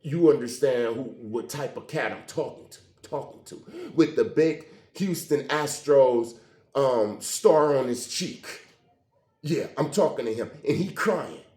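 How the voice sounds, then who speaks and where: A man recounts a personal story in loose, casual speech, slipping into the voices of the people he quotes. His voice sits at an ordinary middle pitch. It is recorded with a noticeable roomy echo. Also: a little slow. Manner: animated, conversational, acts out quoted dialogue. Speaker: vlogger telling a personal story. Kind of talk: emotional storytelling monologue.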